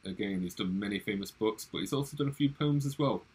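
A man's voice: on the low side, fast talker, husky, low-quality recording. A male drama teacher giving instructions in a recorded online lesson, friendly and instructive with frequent restarts.

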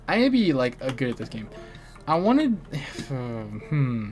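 A man's voice: medium pitch, big pitch swings, slow. Streamer: young American man, playful teasing banter, faint music and keyboard clicks behind. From United States. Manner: teasing, banters with chat and friends. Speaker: gaming streamer. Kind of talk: casual live-stream chatter while playing. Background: faint music and keyboard typing.

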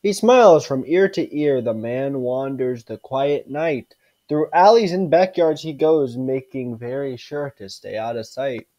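A man reading a creepy rhyming storybook aloud, slowly and stumbling over words. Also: mid-range voice, dark tone, no room sound, highs cut off, natural voice. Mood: eerie. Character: spooky storybook narrator.

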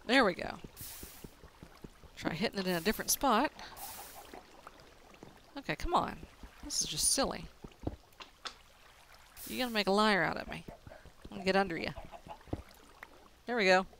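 A woman's voice: mid-range voice, lively intonation, moderate pace, pauses often, a bit bright, a little hiss or hum. A woman casually commenting on her own gameplay, talking to herself and laughing at her mistakes. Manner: chatty, self-narrating, laughs at mistakes. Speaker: let's play gamer.

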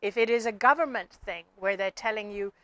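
A woman's voice: mid-range voice, fairly quick, a bit bright, dry recording. A woman giving an earnest motivational talk to her viewers, often circling back and repeating her words. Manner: earnest, repeats herself with fillers. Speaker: spiritual speaker.

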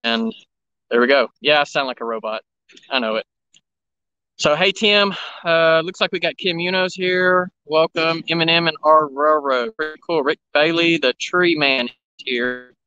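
A man's voice: fairly high pitch, normal speed, bright, forceful tone, smooth, no room sound, dull audio. A man live streaming from a cell phone beside railroad tracks, chatting casually and greeting viewers by name. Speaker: railfan livestreamer. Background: background noise, running engines.

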